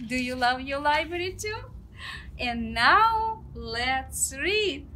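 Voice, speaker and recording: A woman librarian reading a picture book aloud to young children, speaking gently and with animation. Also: high voice, lively intonation, takes it slowly, slight background noise.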